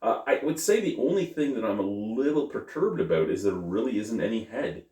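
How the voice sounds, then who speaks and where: Man, lowish voice, casual beer-review vlogger, rambling and self-correcting, recorded a bit off-mic in an echoey room. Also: sing-song, fairly quick, dark tone. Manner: chatty, self-correcting, thinks aloud. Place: at home. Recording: roomy, mic at a distance.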